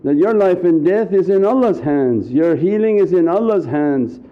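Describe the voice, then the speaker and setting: A man's voice: sits high, expressive, normal speed. Earnest preacher man, muffled recording. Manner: earnest, repetitive, acts out anxious inner voices. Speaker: Sufi preacher. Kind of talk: sermon.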